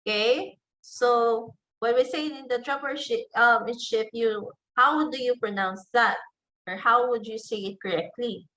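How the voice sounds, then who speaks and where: A woman teacher with a Filipino English accent gives an online lecture, taking her time over each point. Her voice sits fairly high, and she repeats example phrases slowly so students can follow. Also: pushed and bright, rough recording. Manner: slow, deliberate, repeats example phrases aloud.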